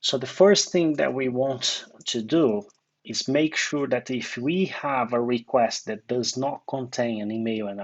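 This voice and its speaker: A man teaching a coding tutorial, thinking aloud with many fillers and restarts, recorded in a dark room at his computer. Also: medium pitch, breathy edge, lo-fi sound. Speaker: coding instructor.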